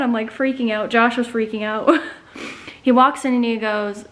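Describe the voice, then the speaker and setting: A woman's voice: a little high, fairly even intonation, normal speed, fairly bright tone. A young woman in her twenties telling a personal story to camera in a casual, chatty vlog, with many fillers. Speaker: vlogger.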